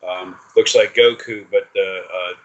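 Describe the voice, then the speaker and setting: A man's voice: low voice, fairly even intonation, a little slow, lo-fi sound. A man giving a casual spiritual reading over a video call, rambling and swearing, with many fillers and restarts. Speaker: spiritual reader.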